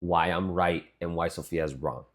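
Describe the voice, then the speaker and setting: A young man co-hosting a casual podcast with his sister, arguing in an animated, mock-outraged way. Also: low-pitched, unhurried. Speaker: podcast co-host. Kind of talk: casual chat.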